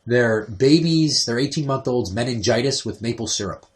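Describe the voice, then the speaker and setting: A man in his thirties hosts a crude, casual podcast chat. He swears freely and tells lively parenting stories. He jumps into other people's voices as he tells them. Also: mid-range voice, normal speed. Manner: profane, animated storytelling, acts out quotes. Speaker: podcast host.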